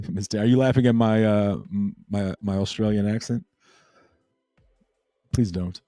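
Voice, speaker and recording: A man's voice: fairly low pitch, steady tone, unhurried, warm tone, dry recording, soft background music. A man hosting a casual crypto livestream, rambling and laid-back as he chats with viewers. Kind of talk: casual late-night livestream chat.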